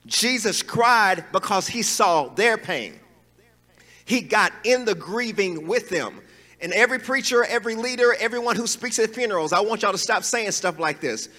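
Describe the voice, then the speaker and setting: A man's voice: high-pitched, expressive, moderate pace, sharp tone, in a large hall. A man preaching a sermon in a conversational, emphatic way, with asides and chuckles.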